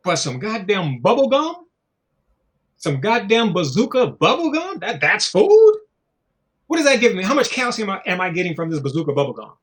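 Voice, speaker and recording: A man's voice: high-pitched, big pitch swings, moderate pace, a bit bright. A man in casual conversation, talking in a loose, profane, preachy way and acting out little voices as he goes. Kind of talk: casual chat.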